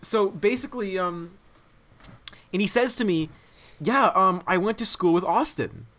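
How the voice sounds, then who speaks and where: A man's voice: sits high, measured pace, sharp tone. A young man hosting a casual podcast chat, telling a rambling story full of fillers. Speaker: podcast host.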